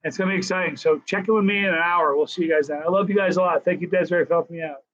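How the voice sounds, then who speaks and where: A man in his sixties hosting a casual live stream Q&A, telling stories in a chatty, animated way. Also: on the high side, rapid-fire. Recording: dull lo-fi live stream audio.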